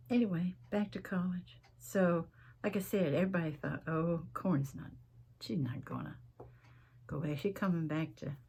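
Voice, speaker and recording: A middle-aged woman with a low, gravelly voice, rambling folksily to her viewers while she works on a craft at home. Her tone is husky and a little rough, and she keeps calling the audience y'all. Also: a little mellow. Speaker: craft vlogger. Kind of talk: chatty crafting vlog.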